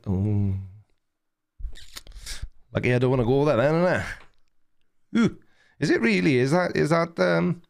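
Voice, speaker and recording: A man's voice: medium pitch, creaky. Middle-aged male livestream host, rambling, self-mocking, reads chat aloud.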